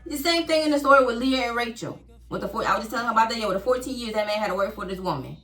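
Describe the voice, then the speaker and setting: A woman podcast host, talking in a casual faith-based chat with a preachy, animated storytelling manner. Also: a little high, very fast, roomy sound, far from the mic.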